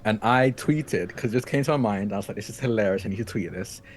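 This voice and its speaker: A man's voice: on the low side, fast talker, soft background music. A man playing in a tabletop game, telling a rambling story with many fillers and restarts. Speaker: player. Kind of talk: casual storytelling.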